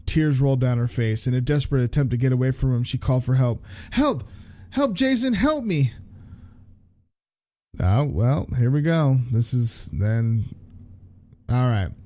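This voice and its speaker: Dark-voiced man reading a story aloud. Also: mid-range voice, normal speed, no echo. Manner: restarts lines, comments on the text. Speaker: podcast host reading a story. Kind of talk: story reading with casual asides.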